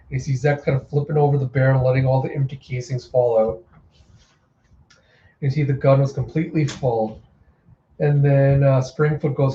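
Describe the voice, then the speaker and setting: A man hosting a casual, chatty readthrough of a comic, narrating the panels in an animated way. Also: mid-range voice, moderate pace. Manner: chatty, animated, self-interrupting. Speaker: host. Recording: roomy, slightly dull home recording.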